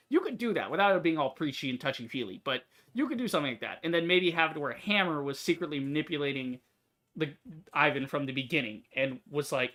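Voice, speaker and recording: A man's voice: a little high, animated, fast, pushed and bright. A young man giving casual, rambling commentary over a game he is playing, talking on with many fillers and restarts. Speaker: gaming YouTuber.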